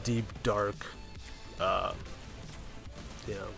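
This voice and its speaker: A man with a fairly low voice tells a game story in a loose, rambling way. He keeps checking in with "right?" and "man" as he goes, and faint music plays in the background. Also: little pitch movement, extremely slow, gravelly. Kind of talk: casual storytelling of a game run.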